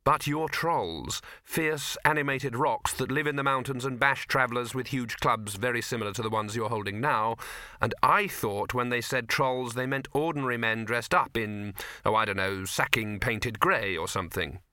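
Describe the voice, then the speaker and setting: A man's voice: medium pitch, moderate pace, sharp tone, dry recording, natural voice. A man doing a nervous, stammering young hero. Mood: flustered. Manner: hesitant, weak, stammering.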